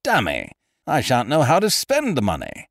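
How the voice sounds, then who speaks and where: A man's voice: medium pitch, huge pitch swings, normal speed, creaky, no echo, clean studio sound. A man voicing an exuberant, blustering young boxing manager who talks in a hearty, boastful way.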